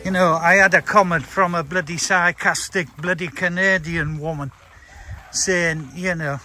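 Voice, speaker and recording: A man's voice: high-pitched, steady tone, a little slow, bright, forceful tone. A man chatting bluntly while walking his dogs outdoors on a rural property. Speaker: dog breeder. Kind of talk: casual walking vlog.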